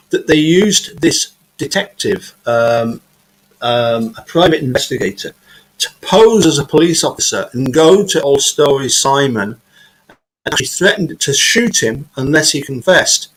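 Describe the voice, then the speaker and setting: A man's voice: medium pitch, expressive, unhurried, a bit bright, rough recording. A man hosting a casual live video chat, often stumbling and repeating words as he searches for them. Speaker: host. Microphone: video call.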